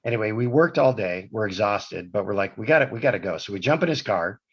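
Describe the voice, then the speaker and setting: Man telling a rambling story, low voice. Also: lively intonation, quick pace, a bit bright, husky. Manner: rambling anecdotal storytelling with self-corrections. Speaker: podcast guest. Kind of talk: storytelling in casual conversation. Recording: dull lo-fi podcast audio.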